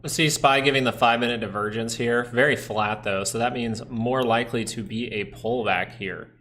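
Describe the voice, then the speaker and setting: A man's voice: mid-range voice, steady tone, moderate pace, fairly bright tone. A man hosting a live stock market stream from home, talking casually through charts, thinking aloud and answering viewers. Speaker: stock market livestream host.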